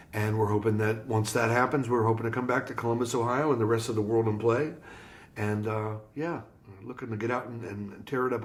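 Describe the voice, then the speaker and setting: A man from Florida, a guest musician on an interview podcast, telling a story and acting out the people in it. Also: medium pitch. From Florida, USA. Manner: animated storyteller acting out quoted dialogue.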